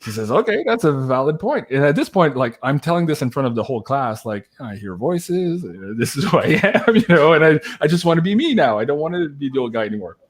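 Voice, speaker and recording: A man telling a long personal story in a casual chat, animated, laughing and swearing now and then, with lots of "like" fillers. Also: fairly high pitch, fairly quick, hardly any pauses. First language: French. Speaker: guest storyteller.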